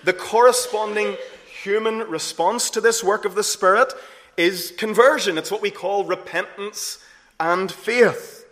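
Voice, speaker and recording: Earnest male preacher in a reverberant hall. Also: measured pace. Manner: earnest, swells to emphatic peaks then drops low and soft. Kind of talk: sermon.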